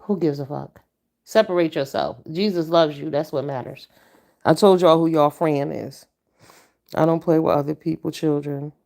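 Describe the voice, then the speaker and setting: A woman's voice: moderate pace, creaky. Blunt, profane woman chatting to her stream. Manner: blunt, profane and stern, with animated pitch jumps. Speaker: livestream host. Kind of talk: casual livestream chat with viewers.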